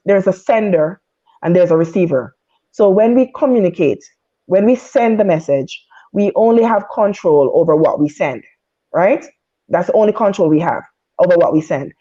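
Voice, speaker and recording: Mellow-voiced married woman giving frank advice. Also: lowish voice, dull audio. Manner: earnest, frank and candid, repeats herself for emphasis. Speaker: married guest on a panel. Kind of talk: heartfelt advice talk. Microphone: video call.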